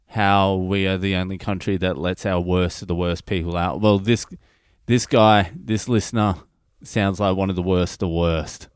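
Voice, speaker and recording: A man's voice: deep voice, clean tone, no echo, clean studio sound. A middle-aged Australian man hosting a comedy podcast, telling a listener's story in a sweary, wry monologue.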